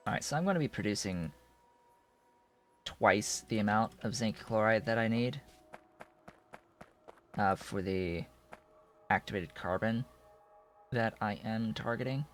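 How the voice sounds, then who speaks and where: Slow, rambling low-voiced man streaming. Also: fairly bright tone, faint music behind. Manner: rambling, thinking aloud with many restarts. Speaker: game streamer. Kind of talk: casual live-stream commentary while playing.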